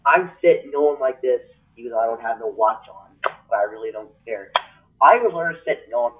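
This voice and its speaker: A man ranting comically to his webcam, breaking into exaggerated high-pitched outbursts. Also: expressive, brisk. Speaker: comedy vlogger. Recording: tinny lo-fi webcam audio, distant from the mic.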